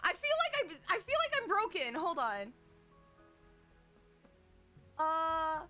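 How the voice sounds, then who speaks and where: An American woman streamer chatting casually, giggly and excitable. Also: extremely high pitch, slow, soft background music. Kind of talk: casual live-stream chat.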